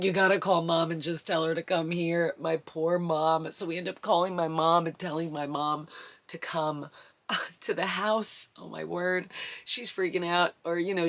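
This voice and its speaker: A young woman tells a story to her viewers in a rush of breathless excitement, acting out every remembered line. Her voice sits a little low for a woman. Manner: breathless, excited retelling with acted-out quotes. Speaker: vlogger. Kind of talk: animated storytelling to camera.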